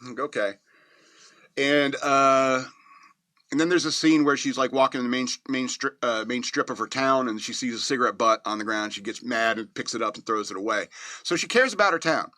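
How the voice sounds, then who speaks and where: A man hosting a casual movie review show, rambling and joking, often laughing at his own remarks and slipping into quick mock voices for scenes. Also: medium pitch, sharp tone, dry recording. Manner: slips into quick mocking voices to act out scenes. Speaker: movie reviewer, podcast host.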